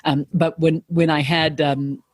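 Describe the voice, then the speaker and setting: A woman's voice: low voice, little pitch movement, a little slow, breathy edge, no echo, studio quality. A woman guest on a podcast, speaking reflectively and earnestly in casual conversation. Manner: reflective, earnest, with hedging fillers.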